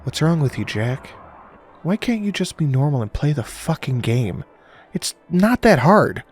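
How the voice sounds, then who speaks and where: A woman's voice: low voice, very animated, a little slow, a little mellow, slightly rough, soft background music, exaggerated voice. A man voicing a female phone dispatcher in a horror audiobook, chirpy and sweet on the surface, turning cold and mocking. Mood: cold taunting. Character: woman dispatcher, cheerful then cold and sinister.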